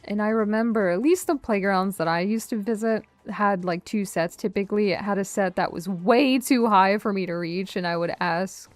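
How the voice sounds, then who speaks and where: A woman's voice: mid-range voice, normal speed, hardly any pauses, no room sound, faint music behind. Rambling woman streamer, dry close voice. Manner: rambling, self-interrupting, nostalgic and jokey. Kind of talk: casual tier list commentary.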